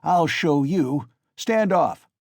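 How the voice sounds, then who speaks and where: A man voicing a drunken, brutal peasant man who shouts ferociously. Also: fairly high pitch, animated, slow pace, no room sound, clean studio sound, pitched above the performer's own voice. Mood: furious shouting.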